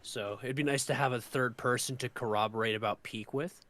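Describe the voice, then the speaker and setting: A man's voice: mid-range voice, fairly even intonation, a little fast, fairly bright tone, a little hiss or hum. A young man co-hosting a casual podcast, rambling and stammering with playful teasing. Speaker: podcast co-host. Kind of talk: casual chat.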